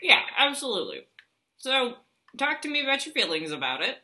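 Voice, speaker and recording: A woman's voice: high-pitched, very animated, fairly quick, bright, forceful tone. A woman co-hosting a podcast in casual chat, wry and articulate, with dry asides. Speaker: podcast co-host.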